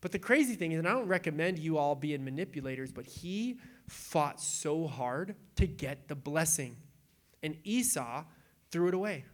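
A young adult man preaching in a casual, animated way, retelling scripture with acted-out quotes. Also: on the high side, moderate pace. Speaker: pastor.

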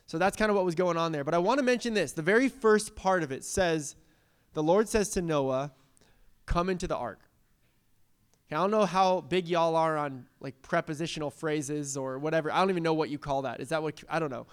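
A man's voice: on the high side, fairly quick, clean tone. A young man preaching a casual, conversational sermon and asking the congregation questions. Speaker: pastor.

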